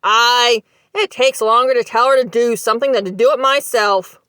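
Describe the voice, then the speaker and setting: A woman's voice: a little high, steady tone, moderate pace, sharp tone, smooth, no room sound. A woman voicing an impatient old farmer husband who grumbles and bawls his words. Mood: grumbling. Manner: bawling, grumbling.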